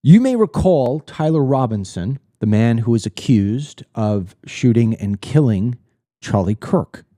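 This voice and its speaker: A man's voice: medium pitch, expressive, measured pace, dark tone, no room sound, clean studio sound. A middle-aged man from the United States hosting his own political commentary show, delivering a blunt, indignant monologue to camera and repeating words when he gets worked up.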